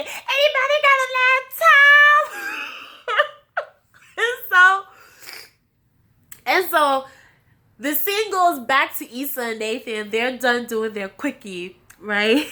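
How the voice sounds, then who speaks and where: A woman in her late twenties giving a casual spoken recap of a TV episode, acting out the characters' lines as she retells them. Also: high voice. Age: late 20s. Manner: animated retelling, acting out quotes, laughing often. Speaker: TV recap reviewer.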